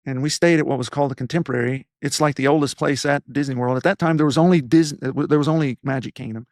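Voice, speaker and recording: A man in his fifties from East Tennessee with a softened Southern accent, telling personal stories in an interview and acting out quoted voices. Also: medium pitch, dry recording, studio quality. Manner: earnest storytelling, acts out quoted voices. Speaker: podcast host as guest. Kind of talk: reflective interview talk.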